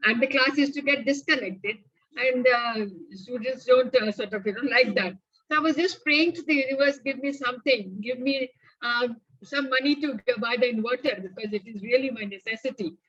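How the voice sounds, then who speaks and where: Breathy woman sharing hesitantly on a call. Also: on the high side, moderate pace, a bit bright, dry recording, dull audio. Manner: hesitant, many uh fillers, grateful. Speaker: caller sharing an experience. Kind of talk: casual sharing on a group call.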